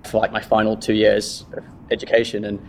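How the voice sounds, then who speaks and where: A man's voice: lowish voice, brisk, a little hiss or hum. A man from Kenya with a British accent, asking questions in a casual, chatty way during an interview. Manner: relaxed, chatty, laughs easily.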